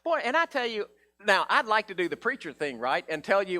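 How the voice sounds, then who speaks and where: A man's voice: high voice, a little fast. A male pastor preaching a folksy sermon, acting out the characters' voices. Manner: folksy, animated, acts out voices of Bible characters.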